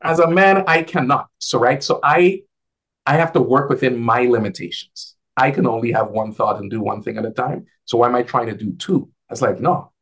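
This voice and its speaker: A man talking casually as a guest on a video call, an advisor who tells animated stories and acts out the dialogue in a lifted voice. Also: medium pitch, moderate pace, breathy edge. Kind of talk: casual conversational storytelling.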